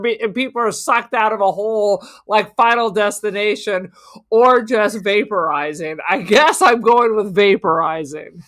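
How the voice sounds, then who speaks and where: Bright-voiced woman riffing jokingly. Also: medium pitch, normal speed. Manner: playful, spinning silly jokes and theories. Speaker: podcast co-host. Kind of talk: casual movie chat.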